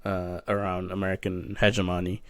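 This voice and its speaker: A man co-hosting a casual political discussion podcast, halting and searching for words as he talks. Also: low voice, completely flat delivery, fairly bright tone, no room sound. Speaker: podcast co-host.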